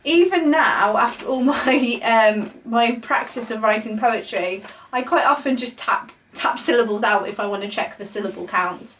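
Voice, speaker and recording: A woman's voice: on the high side, moderate pace, fairly bright tone, distant mic, slight background noise. A young adult woman leading a beginner poetry workshop, explaining patiently with many ums. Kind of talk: casual beginner lesson. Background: guinea pigs chewing.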